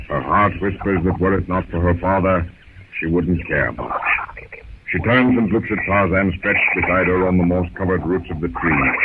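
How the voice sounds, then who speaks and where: A man's voice: low-pitched, very noisy. A man narrating a 1930s radio drama in a dramatic storytelling manner, on a tinny old broadcast.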